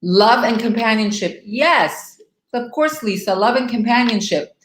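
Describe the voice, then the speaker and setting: A middle-aged woman coaching divorced women on a live stream, emphatic and animated, speaking straight to her viewers. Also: on the high side, measured pace, roomy sound, poor audio.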